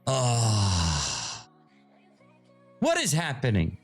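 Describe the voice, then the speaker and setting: A man hosting his own video, giving casual live commentary to his viewers in an excitable, profane, teasing way. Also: on the low side, very slow, husky, soft background music. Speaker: video host.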